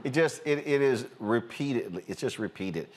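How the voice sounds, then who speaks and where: A man hosting a political talk show, emphatic and animated, with an American accent, often repeating words for punch. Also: mid-range voice, moderate pace, a little hiss or hum. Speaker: host. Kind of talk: opinionated political commentary.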